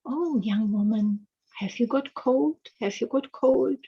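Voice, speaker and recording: A woman voicing an old male frost spirit in a fairy tale, asking slow, repeated questions. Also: fairly high pitch, slightly rough, dull audio, full character voice. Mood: questioning.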